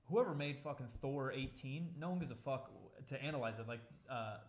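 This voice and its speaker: A man's voice: medium pitch, a little fast. Laid-back man reasoning aloud in a roomy space. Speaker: podcast co-host. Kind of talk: casual podcast chat. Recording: roomy echo.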